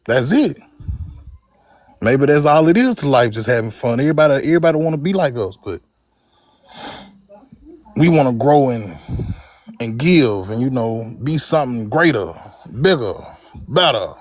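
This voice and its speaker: A man, from Mississippi, speaking reflectively and haltingly in an online debate. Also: medium pitch, a little mellow. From Mississippi, USA. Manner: reflective, halting, repeats words. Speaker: debate participant. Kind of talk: personal testimony in an online debate.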